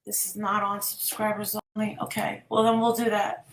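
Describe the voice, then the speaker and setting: A woman's voice: mid-range voice, little pitch movement, normal speed, echoey room, poor audio. A woman vlogger retelling a story in a rambling, emotional way, breaking off now and then to scold her viewers.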